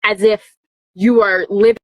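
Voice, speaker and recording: A woman hosting a podcast, relaxed and quick to laugh, sharing short personal anecdotes. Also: mid-range voice, no room sound, muffled recording. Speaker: podcast host. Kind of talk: casual conversation.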